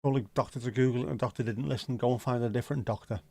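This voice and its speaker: A man's voice: medium pitch, fairly even intonation, very fast, creaky, dark tone, no echo, studio quality. A man with a Scouse accent hosting a casual livestream, rambling and joking as he answers viewer comments, swearing now and then. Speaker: livestream host.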